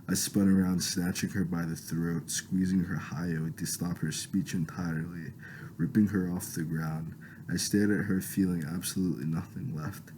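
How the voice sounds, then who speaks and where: Deep-voiced man reading his own story. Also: steady tone, moderate pace, mellow, a little hiss or hum, poor audio. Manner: plain reading with frequent restarts and self-corrections. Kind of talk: first-person story reading.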